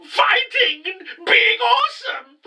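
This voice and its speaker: A shrill, shrieking boss character, theatrical and way up high, as a man puts him on. The voice is bright and cutting and sits a bit back from the mic. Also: big pitch swings, takes it slowly, distant mic, exaggerated voice. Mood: gloating.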